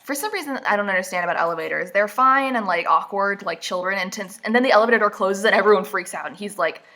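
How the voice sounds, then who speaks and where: A young woman with a bright, clear-edged voice picks apart a book in a casual recap. She talks straight to her camera from an indoor seat, throwing in sarcastic asides. Her voice is a little stuffy from allergies. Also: medium pitch, quick pace. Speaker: vlogger.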